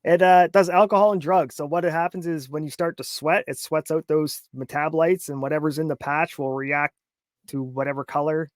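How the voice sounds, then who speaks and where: A man's voice: on the high side, steady tone, a little fast, dry recording. A man co-hosting a casual chat, arguing his point and cracking crude jokes. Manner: argumentative, crude joking. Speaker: co-host.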